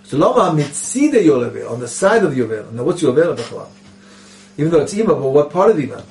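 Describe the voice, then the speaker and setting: A man's voice: fairly high pitch, sing-song, quick pace, gravelly, a little mellow. A man teaching a Kabbalah lesson, reading Hebrew passages aloud and explaining them in English, often asking rhetorical questions. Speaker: Torah teacher. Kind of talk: Kabbalah text study lesson. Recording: voice picked up from a distance.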